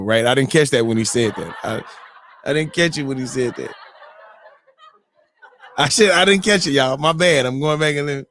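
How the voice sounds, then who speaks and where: A man hosting a morning show, telling a story in a loose, animated way, whooping and mimicking crowd voices. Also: mid-range voice, moderate pace, pauses often. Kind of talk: casual storytelling.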